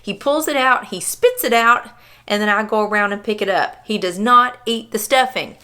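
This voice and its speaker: Woman, home vlogger, chatty and affectionate, medium pitch, easygoing storytelling about her pet. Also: moderate pace, bright, forceful tone, clear, resonant tone. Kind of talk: casual vlog narration about her dog.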